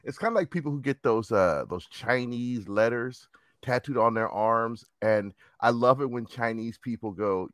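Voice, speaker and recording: A man co-hosting a casual chat, who banters with quick, laughing reactions. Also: mid-range voice, a bit bright, dry recording, studio quality. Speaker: co-host.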